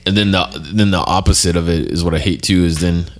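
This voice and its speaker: Very low-voiced man swearing through stories. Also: steady tone, quick pace. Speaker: podcast co-host. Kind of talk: casual chat.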